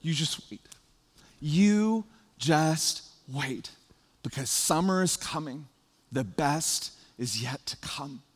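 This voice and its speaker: Preacher doing a laid-back, knowing prophet; drawled, with a high voice and long reverb. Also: male voice, expressive, breathy edge, heavily acted. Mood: teasing calm. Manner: drawled, teasing, slowed down.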